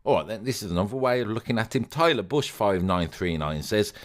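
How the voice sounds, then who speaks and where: A man with a Birmingham accent banters as a podcast co-host, his pitch swinging up and down through the talk. His voice sits on the low side, and he throws in jokes and reads listener comments aloud. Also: lively intonation, fairly quick. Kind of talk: casual chat.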